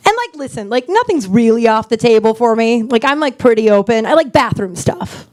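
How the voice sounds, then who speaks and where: A woman's voice: a little high, very animated, fairly quick, darkish tone. A woman in her forties doing a stand-up set, chatty and self-mocking, laughing often as she talks. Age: 40s. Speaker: stand-up comedian. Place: comedy club main room.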